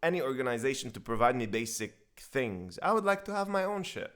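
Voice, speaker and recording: A man at a middling pitch, chatting on a podcast. He talks in a lively, joking way, often breaking into laughter and going off on tangents. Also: a little fast. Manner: animated and joking, with frequent laughs. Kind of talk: casual podcast chat.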